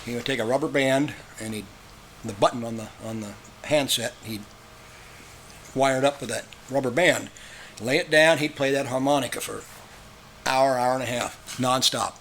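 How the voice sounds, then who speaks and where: A man's voice: mid-range voice, moderate pace, a bit bright, a little hiss or hum. A middle-aged man, a railroad worker, reminiscing in a plainspoken, easygoing way with trailing fillers. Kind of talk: conversational reminiscing.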